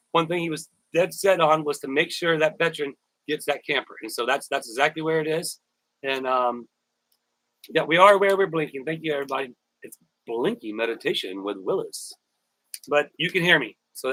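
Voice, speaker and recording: A man's voice: on the high side, fairly bright tone, no echo, rough recording. A man hosting a casual live stream, rambling, repeating words and thanking viewers by name. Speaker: YouTuber live-stream host.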